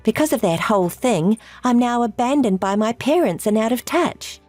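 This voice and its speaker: A woman plays a scheming, selfish woman who taunts and gloats, her pitch rising and falling in wide, lively swings. The voice sits dry and close, with music playing softly underneath, like a texting-story voice-over. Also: moderate pace, no echo. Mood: self-pitying. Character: scheming selfish adult woman, husband-stealer.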